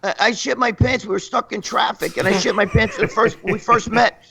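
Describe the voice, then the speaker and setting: A man's voice: high-pitched, fairly quick, gravelly, a crowd in the background. A man telling crude comic stories, profane and rambling, laughing as he goes. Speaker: guest storyteller.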